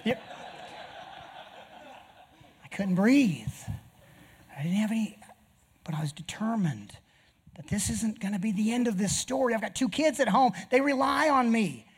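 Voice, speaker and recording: A man shares an earnest personal testimony from the pulpit of a church, appealing directly to his listeners. His high-pitched voice is expressive and unhurried, breathy at the edges, and he pauses often.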